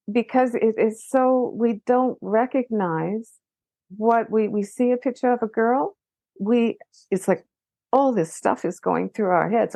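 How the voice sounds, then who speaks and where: A woman guest on a parenting podcast, talking in a lively way with many restarts and rising emphasis. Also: on the high side, measured pace, creaky, dry recording. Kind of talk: casual conversation.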